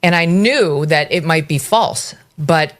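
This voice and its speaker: A woman interviewer with a very low voice speaks earnestly and at length, circling back and restarting her thoughts as she frames a question. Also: unhurried. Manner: earnest, long-winded, restarts. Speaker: interview host.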